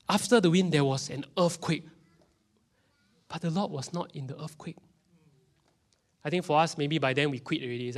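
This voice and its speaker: A man's voice: mid-range voice, normal speed. A man in his thirties with a Singaporean English accent, preaching a sermon in a church and now and then dropping his voice to a whisper for emphasis. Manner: animated, drops into whispers for emphasis. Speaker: pastor. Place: church hall.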